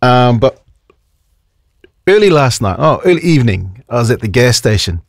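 A man's voice: medium pitch, very animated, moderate pace, dry recording, clean studio sound. A male radio host in casual banter, animatedly telling stories and acting out the voices of people he quotes.

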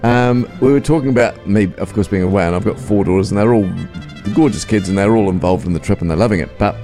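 A man's voice: lowish voice, fast, warm tone, faint music behind. A man co-hosting a radio show, playfully teasing and often laughing. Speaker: radio co-host. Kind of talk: casual on-air banter.

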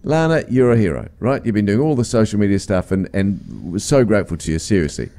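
A man's voice: on the low side, expressive, fast, mellow. A man hosting casual breakfast radio banter in a studio, teasing, laughing often and playing at exasperation. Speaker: radio host.

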